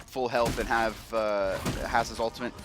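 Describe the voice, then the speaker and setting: A man giving fast play-by-play commentary on a video game match, joking and acting out players' chatter. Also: mid-range voice, steady tone, background noise. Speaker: esports caster.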